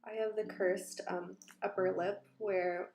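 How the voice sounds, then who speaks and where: A woman's voice: mid-range voice, little pitch movement, a little slow, a little mellow, a little hiss or hum. A woman chatting casually on a makeup livestream, rambling and groping for words while talking to viewers and her cats. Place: small room at home. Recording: echoey room with background music. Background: background music.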